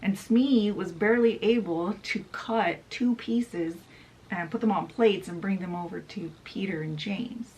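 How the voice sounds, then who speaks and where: A woman's voice: medium pitch, unhurried, darkish tone, slight background noise, low-quality recording. A woman hosting a book channel, summarizing a novel in a chatty retelling style full of casual asides.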